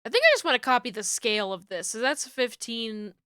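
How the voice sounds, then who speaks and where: Bright, clear-voiced young woman streamer. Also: on the high side, animated, a little fast, dry recording, studio quality. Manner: rambling, chatty, laughs often. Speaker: streamer and VTuber rigging artist. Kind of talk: casual chat while working on stream.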